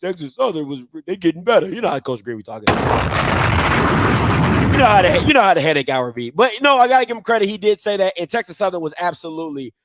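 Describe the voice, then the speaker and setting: A man hosting a casual sports show, talking in an animated, slangy way and dropping into low mutters between bursts of hype. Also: fast talker.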